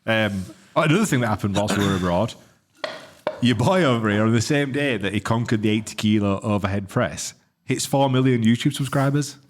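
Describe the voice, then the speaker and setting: A man's voice: on the low side, brisk. A man, co-hosting a podcast and telling stories in casual, swearing banter. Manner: swearing, animated storyteller. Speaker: podcast co-host.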